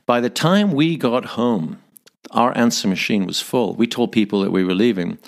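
Northern Irish man in his fifties, guest storyteller, lively and halting, mid-range voice. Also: mid-range voice, creaky. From Northern Ireland. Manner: animated storyteller, repeats words while searching. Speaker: podcast guest. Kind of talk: storytelling interview.

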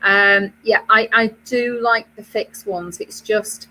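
A woman's voice: medium pitch, fairly even intonation, takes it slowly, pushed and bright, a little hiss or hum, rough recording. A British woman co-hosting a knitting web show, chatting casually with many fillers and restarts. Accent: British English. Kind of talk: casual chat.

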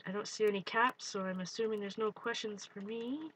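A woman hosting a live art stream, chatting excitedly as she works and greets viewers. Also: mid-range voice, brisk, a little hiss or hum. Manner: excitable, talks while working, greets viewers. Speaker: art livestream host. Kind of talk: live crafting demo, chatty.

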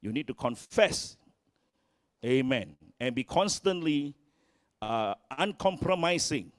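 Slow, emphatic preacher. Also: male voice, animated, no echo, clean studio sound. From Malaysia. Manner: emphatic preaching, swinging pitch and volume, acts out quotes. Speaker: pastor. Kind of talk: sermon. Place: church.

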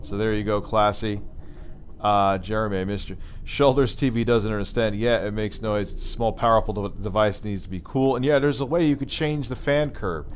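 A man's voice: lowish voice, moderate pace, a little hiss or hum. A man hosting a casual livestream, reading super chats and ranting sarcastically with a lot of swearing. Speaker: livestream host.

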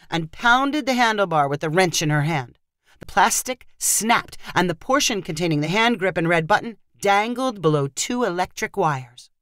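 A woman reading a humorous short story aloud in scripted narration with expressive storytelling. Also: lowish voice, normal speed, no room sound, studio quality. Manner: expressive storytelling, lively intonation.

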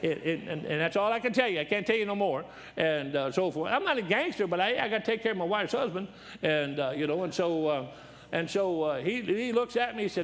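Man, guest preacher, folksy rambling sermon, slightly high voice. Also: expressive, a little fast. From Detroit. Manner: folksy, rambling anecdotes with repeated restarts. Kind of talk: storytelling sermon.

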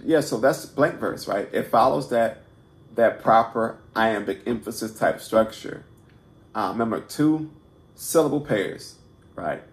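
This poetry teacher hosts an unscripted video lesson, speaking a little slowly in a mid-range voice that echoes around the room. His style is loose and self-mocking, full of restarts, repeated words and frequent "right?" check-ins.

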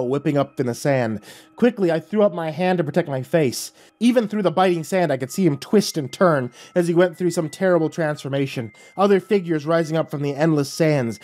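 A man reading a horror story aloud in a measured, dramatic storytelling voice. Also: fairly high pitch, a little mellow. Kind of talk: scripted horror narration. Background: faint music.

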